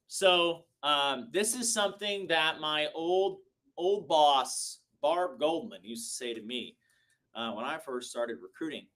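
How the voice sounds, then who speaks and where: A man in his thirties hosts a live show, delivering an excitable, high-energy motivational sales talk. His delivery swings between loud bursts and low, slow stretches.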